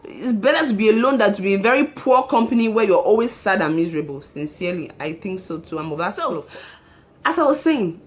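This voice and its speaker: A woman's voice: medium pitch, animated, brisk. A woman hosting her own show, giving relationship advice in an emphatic monologue and repeating her key phrases.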